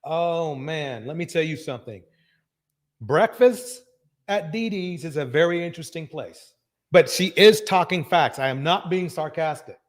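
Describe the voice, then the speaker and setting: A man hosting a live reaction stream. He talks with emphasis, repeats his phrases and breaks into loud bursts of agreement. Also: a little high, lively intonation, a little slow. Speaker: livestream reaction host.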